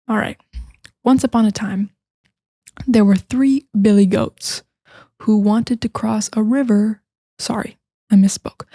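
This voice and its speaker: A woman's voice: mid-range voice, dark tone, no echo, clean studio sound. An American woman, a native English speaker, telling fairy tales to learners in a chatty way with many fillers, sometimes dropping to a whisper. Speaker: English teacher. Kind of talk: casual storytelling for learners.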